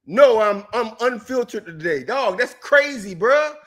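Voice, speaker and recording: A man co-hosting a political talk show, in an angry, profane rant that breaks into shouting. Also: very high voice, expressive, measured pace. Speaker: co-host.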